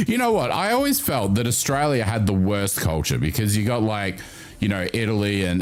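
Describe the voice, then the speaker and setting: A man's voice: measured pace, soft background music. A man hosting a livestream, chatting casually with his viewers and swearing freely. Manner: animated, chatty, swears freely, jumps up in pitch. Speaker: livestream host. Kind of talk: casual chat with stream viewers.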